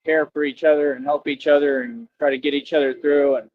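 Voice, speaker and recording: Rambling man streaming outdoors, higher voice. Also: flat delivery, brisk, no room sound. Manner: rambling, repeats himself, preachy. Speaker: livestreamer asking for donations. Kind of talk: casual rambling livestream talk. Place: outdoors near a street with traffic. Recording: dull lo-fi stream audio.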